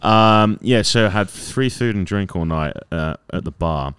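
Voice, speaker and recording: A man's voice: on the low side, unhurried, fairly bright tone, clear, resonant tone, no echo. A man telling a rambling story in casual chat among friends, laughing often and swearing freely. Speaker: podcast guest telling a story.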